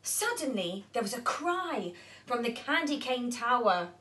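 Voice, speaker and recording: A nursery storyteller with a voice on the high side reads a picture book aloud to young children at an unhurried pace. She's animated and keeps asking the kids questions.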